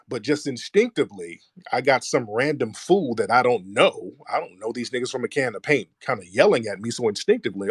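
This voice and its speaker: A man tells a heated story in a relaxed, slangy voice with speech. His pitch sits in the middle range. The sound is dry and close, with no room echo. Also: a little fast, breathy edge. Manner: animated retelling with voiced quotes, rising when heated. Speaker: commentator. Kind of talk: casual storytelling monologue.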